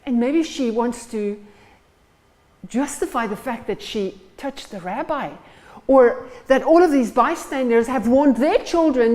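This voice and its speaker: A woman's voice: fairly high pitch, unhurried, darkish tone, poor audio. Woman preacher retelling stories. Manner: storytelling, acts out the scenes. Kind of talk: sermon. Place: church.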